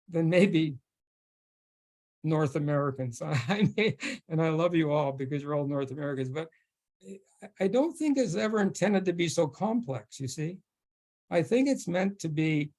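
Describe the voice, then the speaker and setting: A man with a slightly higher-than-usual voice tells a story to a forum audience. He stops and restarts often, stumbling over fillers, and laughs easily as the story goes on. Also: darkish tone. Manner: halting, with many restarts and fillers. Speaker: guest speaker at a faith forum. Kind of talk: storytelling talk.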